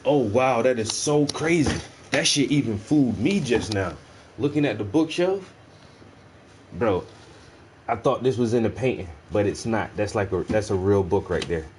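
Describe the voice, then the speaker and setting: A man telling a story in casual, profane slang while he paints, his delivery animated and loose. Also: on the low side, moderate pace, slight background noise. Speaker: painting stream host.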